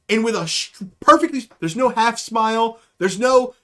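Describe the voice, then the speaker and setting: A man hosting a live-streamed show tells a comic story in a loose, rambling way, swearing freely and poking fun at himself. His voice sits noticeably high for a man. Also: expressive, normal speed, fairly bright tone. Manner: rambling, profane, self-deprecating. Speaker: podcast host. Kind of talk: comedic storytelling on a livestream.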